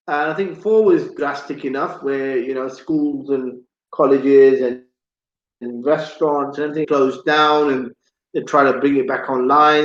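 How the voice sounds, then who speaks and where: A man's voice: mid-range voice, reverberant, dull audio. A man hosting a live radio talk show, chatty and jokey, often repeating his words.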